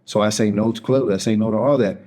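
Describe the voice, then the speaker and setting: A man from Texas tells his personal story as a podcast guest, speaking candidly with a fairly low voice. He brings the people he quotes to life by acting out their words. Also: fairly even intonation, quick pace, dark tone.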